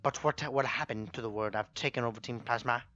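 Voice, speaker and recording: A man's voice: medium pitch, fast talker, pushed and bright, close to an everyday voice. A man reading out a pompous male villain's lines in a theatrical voice, stumbling over the words now and then. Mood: grandiose. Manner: theatrical, stumbling dramatic reading of game text. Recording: slightly muffled, game music behind.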